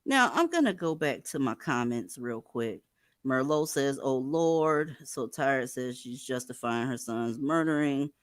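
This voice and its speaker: A woman's voice: very deep voice, lively intonation, a little slow, no echo, studio quality. Profane, blunt woman hosting a livestream. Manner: blunt, profane, reads chat comments aloud, bursts into loud scolding. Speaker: livestream host. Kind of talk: profane casual livestream commentary.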